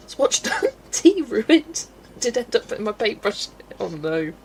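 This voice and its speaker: Colouring at home on a livestream, a woman with a slightly high, fairly bright voice chats casually, responds to her chat, and frequently dissolves into giggles. A little background noise can be heard.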